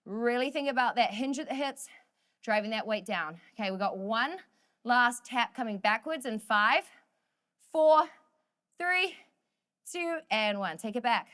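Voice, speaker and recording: A fitness instructor with a fairly high, somewhat bright voice speaks at normal speed while leading a lively workout. She jokes, motivates the class, and counts down the last seconds of every set.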